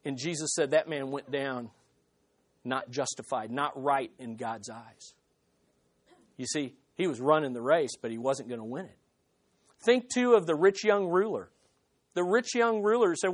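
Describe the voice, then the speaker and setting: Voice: mid-range voice, moderate pace, fairly bright tone. A pastor preaching an expository sermon, emphatic, with rhetorical questions and short laughs.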